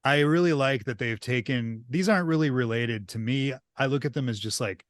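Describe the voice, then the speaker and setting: A man co-hosting a podcast, chatting casually about horror movies and chiming in with quick agreement. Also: medium pitch, dry recording, studio quality. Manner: easygoing, agreeable, quick interjections. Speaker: podcast co-host.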